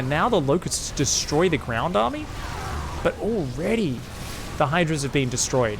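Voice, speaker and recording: A young man casting a live strategy game, excitable and crude, rambling between plays and shouting at the action. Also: fairly high pitch, moderate pace, background noise. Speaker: game caster.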